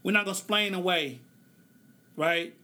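His voice is high, pushed and bright as he hosts his podcast alone with an impassioned, preacher-like cadence and stretched-out phrases. Though tearful and emotional, he still jokes around and laughs a lot.

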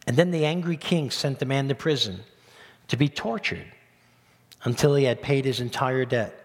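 A man's voice: mid-range voice, moderate pace. Male pastor preaching in a reverberant hall. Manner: animated, rising emphatic delivery with rhetorical questions. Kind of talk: sermon. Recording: long reverb of a church hall.

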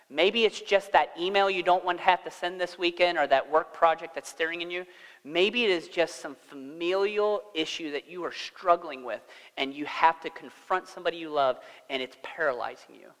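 A high-pitched man delivers a sermon to his congregation and keeps it chatty, asking them questions as he goes. His voice carries through a church hall that has a long reverb. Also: animated, moderate pace, fairly bright tone. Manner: conversational, asks the congregation questions. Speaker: pastor.

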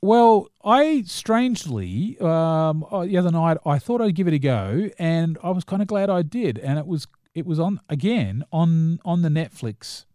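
A man's voice: on the high side, lively intonation, a little slow, few pauses, dark tone, no room sound, clean studio sound. New Zealand man chatting about films. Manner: rambling, full of restarts and fillers, enthusiastic. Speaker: podcast co-host. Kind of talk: casual chat reviewing films and shows.

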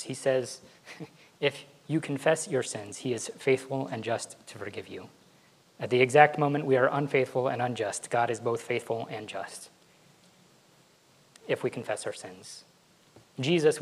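A man's voice: medium pitch, rough recording. A male pastor giving a conversational sermon, laughing now and then and acting out what his kids say. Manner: conversational, laughs often, acts out kids' voices.

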